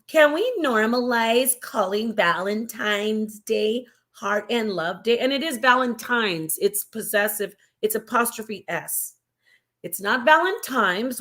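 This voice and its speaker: A woman's voice: fairly high pitch, a bit bright. A woman hosting a casual live stream, chatty and digressive, talking to her viewers like family. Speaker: livestream host.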